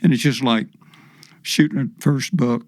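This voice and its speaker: An older man, a podcast guest, telling long, folksy stories with many pauses and repetitions. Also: mid-range voice. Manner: rambling, folksy, repeats himself with many "uh"s. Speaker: guest, professional fisherman. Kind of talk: storytelling in a podcast interview.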